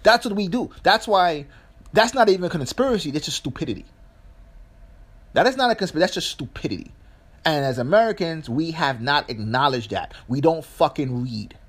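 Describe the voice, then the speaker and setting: Middle-aged guy ranting about politics, swears a lot, keeps asking "right?", voice a bit on the high side. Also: expressive, a little fast, slightly rough. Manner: blunt, profane, rhetorical questions. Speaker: political commentator. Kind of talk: casual political commentary monologue.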